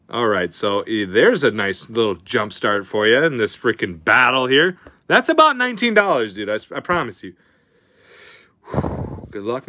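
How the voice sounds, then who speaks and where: A young man hosting a card pack opening in an excitable, slangy chat, calling viewers dude and bro. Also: on the high side, no echo, clean studio sound.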